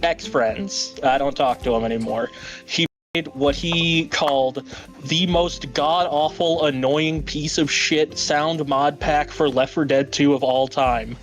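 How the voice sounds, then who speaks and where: A man's voice: fairly high pitch, measured pace, soft background music. A young man streaming a game with friends, teasing them and telling stories in casual chat. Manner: teasing, animated storyteller.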